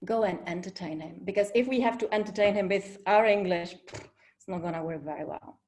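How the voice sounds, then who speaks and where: A man's voice: high-pitched, a little fast, darkish tone, slight background noise, natural voice. A woman voicing a chatty male friend at a beach dinner table, teasing and offhand.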